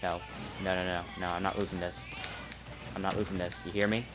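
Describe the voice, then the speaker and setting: A man giving live gameplay commentary, trash-talking the opponent and muttering between loud outbursts. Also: sits low, flat delivery, brisk. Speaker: gamer. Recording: loud game music behind voice. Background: fighting game music and effects.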